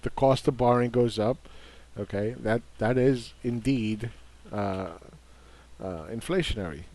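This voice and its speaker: Speaking at an ordinary middle pitch, an investing commentator runs through a casual market overview with a combative, dismissive edge. He is unhurried and a little mellow, driving points home by repeating words.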